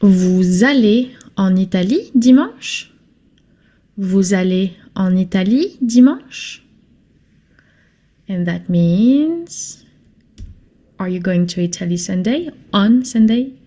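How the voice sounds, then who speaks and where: A woman teaching a French lesson in English, speaking slowly and patiently and repeating phrases for her learners. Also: mid-range voice, lively intonation, mellow. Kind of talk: slow classroom lesson.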